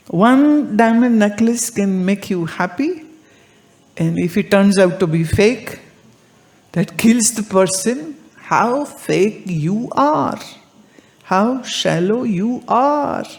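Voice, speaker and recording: A woman giving a spiritual discourse, deliberate and full of anecdotes and rhetorical questions. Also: a little high, a little mellow. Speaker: spiritual teacher.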